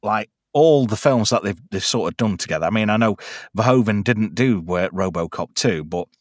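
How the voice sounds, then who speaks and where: A man's voice: fairly low pitch, lively intonation, moderate pace, no echo, studio quality. A man hosting a casual film chat, crude jokes and many fillers. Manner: chatty, crude joking, lots of fillers. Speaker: podcast host.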